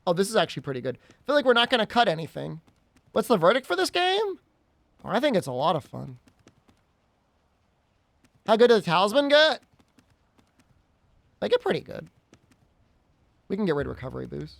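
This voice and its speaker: A man's voice: sits high, huge pitch swings, fairly quick, vocal fry, pauses often, a bit bright, no echo. A man streaming a game, chatting casually and rambling, with frequent giggles and teasing. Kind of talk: casual gaming stream chat.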